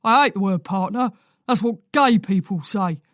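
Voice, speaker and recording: A woman voicing a gruff, surly elderly man who snaps and barks his lines. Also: medium pitch, animated, normal speed, dry recording, natural voice. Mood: hostile. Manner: snapping, barking.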